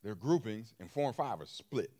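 A man's voice: lowish voice, lively intonation, normal speed, dark tone. A man preaching a sermon in an emphatic style, repeating phrases and throwing questions to his listeners, with features. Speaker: pastor.

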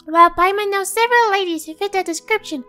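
A tiny, bubbly fairy companion , as a woman puts her on, chirps in a very high, squeaky voice and calls herself by her own name. The lines are read as a fan voice-over of game dialogue. Soft game music plays faintly behind her. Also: a little fast. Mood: chirpy. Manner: speaks of herself in the third person, bubbly.

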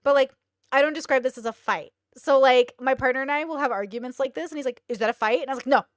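A young woman hosting a reaction stream, talking in a chatty, animated way. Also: high-pitched, quick pace, no room sound, studio quality. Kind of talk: casual reaction commentary.

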